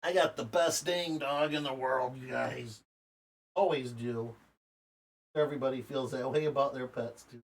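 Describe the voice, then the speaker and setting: A man's voice: medium pitch, measured pace. A young man livestreaming a game from his home office, ranting, swearing and laughing as he chats with viewers. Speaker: streamer. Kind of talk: casual gaming livestream chat.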